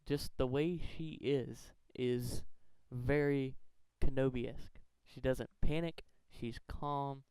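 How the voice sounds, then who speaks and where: Earnest rambling man, crisp dry voice. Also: mid-range voice, steady tone, slow, hardly any pauses, darkish tone, no room sound, poor audio. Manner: rambling, self-correcting, earnest. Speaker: fan theory video maker. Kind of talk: casual countdown commentary.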